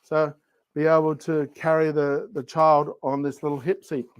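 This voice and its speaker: A woman's voice: sits low, level tone, moderate pace, no room sound. An Australian woman co-hosting a casual live chat, chatty and playful with giggly asides. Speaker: co-host.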